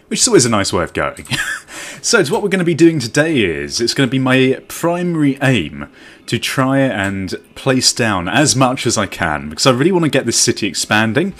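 A man's voice: mid-range voice, sing-song, moderate pace, a bit bright. A man giving casual let's-play commentary, thinking aloud and teasing himself as he plays. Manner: thinks aloud, self-mocking asides. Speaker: game commentator. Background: faint background music.

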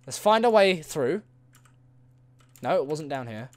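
A man giving casual solo commentary on his own gameplay, rambling playfully, talking to the creatures he meets and bursting into excited shouts. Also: a little high, a little slow, pauses often, dry recording. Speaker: gaming video host.

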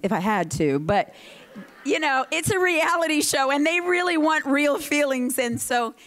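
A woman giving a motivational speech at a ceremony, telling her story in an animated way and acting out the dialogue. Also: sits high, normal speed. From United States. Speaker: guest speaker. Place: ceremony hall.

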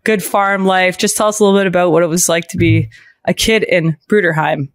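A woman co-hosting a sports podcast in casual chat, brisk and laughing at her own slips. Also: on the low side, steady tone, no echo, clean studio sound. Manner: brisk, stumbles and laughs at herself. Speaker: podcast co-host.

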